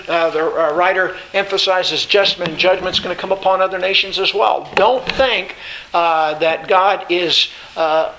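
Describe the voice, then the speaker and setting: A male Bible teacher gives a study lecture in a fairly high voice. His tone is bright and forceful. He repeats phrases for emphasis and stops often on filler sounds, with faint noise behind him. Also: poor audio.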